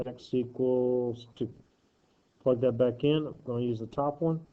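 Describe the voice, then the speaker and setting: A man's voice: mid-range voice, steady tone, measured pace. Male math teacher, casual worksheet walkthrough, jokey and self-correcting, slightly muffled audio. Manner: joking asides while working problems aloud; thinks aloud, self-correcting.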